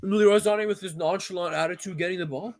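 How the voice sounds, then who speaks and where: A man's voice: high voice, steady tone, fast. A man from California, ranting crudely and mockingly as a football reaction vlogger at home. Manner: profane, mocking, blunt.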